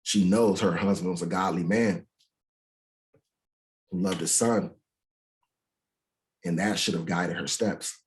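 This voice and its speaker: A man with a fairly low voice teaches scripture in a loose, conversational way. He keeps asking his listeners "right?", reads passages aloud slowly, and restarts sentences while he hunts for the right word. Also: steady tone. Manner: searches for words, restarts sentences. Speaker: Bible study teacher. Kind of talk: informal Bible study teaching.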